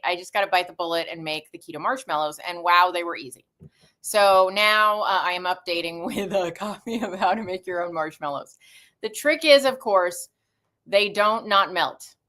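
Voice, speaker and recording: A woman's voice: mid-range voice, pushed and bright. A middle-aged woman hosting a live stream, chatting casually in a rambling, stream-of-consciousness way into a camera mic.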